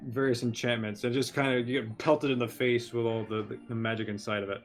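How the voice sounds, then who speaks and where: A man running a tabletop game as game master over a video call, relaxed and a bit distracted as he narrates. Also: mid-range voice, fast talker.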